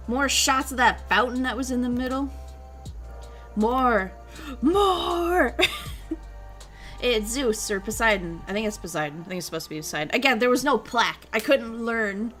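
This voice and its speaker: A woman's voice: medium pitch, fairly bright tone. A woman streamer in a casual chat, rambling and giggling as she goes, with easy, offhand swearing.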